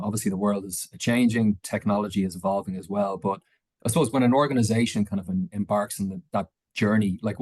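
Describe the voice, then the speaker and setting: Quick, low-voiced male webinar host. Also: darkish tone, breathy edge, no room sound. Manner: conversational, hedging with "kind of" and "I suppose". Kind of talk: interviewing a guest. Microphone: video call.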